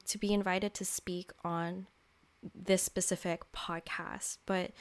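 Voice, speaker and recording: A young adult woman hosting a solo podcast, talking casually and openly about her feelings, with lots of "like" and "um.". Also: fairly low pitch. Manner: casual and candid, heavy use of "like" and "um". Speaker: podcast host. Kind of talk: reflective solo podcast talk.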